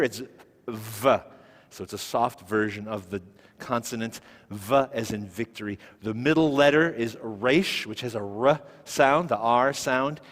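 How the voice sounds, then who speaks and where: A man teaching a Hebrew lesson to a class, explaining patiently step by step and asking questions. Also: medium pitch. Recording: echoey hall recording.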